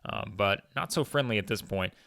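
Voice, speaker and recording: A man narrates a wrestling sim playthrough in a loose, chatty way, full of fillers and small chuckles. His voice sits low but comes across bright and smooth. It is recorded close and dry. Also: animated, moderate pace, dry recording. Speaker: gaming video host.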